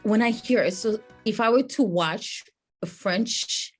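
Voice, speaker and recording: A woman hosting an interview, telling a story in an animated way and laughing a lot. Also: fairly high pitch, measured pace, breathy edge, faint music behind. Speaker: interview host. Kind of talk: casual interview conversation.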